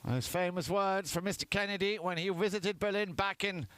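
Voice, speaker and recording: A man giving chatty live commentary on a polo match, lifting in excitement at goals. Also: sits high, moderate pace, smooth, no room sound.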